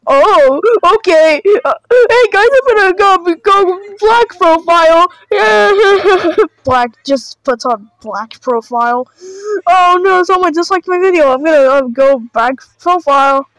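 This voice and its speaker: A woman's voice: extremely high pitch, expressive, slow, a bit bright, no echo, rough recording. A woman doing casual reaction commentary on videos, sarcastic and full of mock panic.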